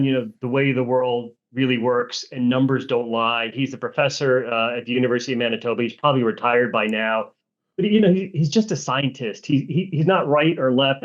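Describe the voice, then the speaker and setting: A man as an interview guest, answering earnestly and in a measured way, with clear enthusiasm. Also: mid-range voice, lo-fi sound. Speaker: guest, energy analyst.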